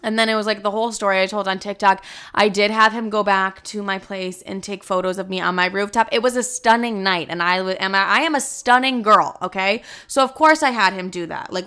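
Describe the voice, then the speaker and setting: A woman's voice: medium pitch, pushed and bright, clear, resonant tone. A woman in her twenties telling a dating story in a casual, chatty way, full of "like" and swear words. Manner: chatty, heavy "like" filler, frequent swearing.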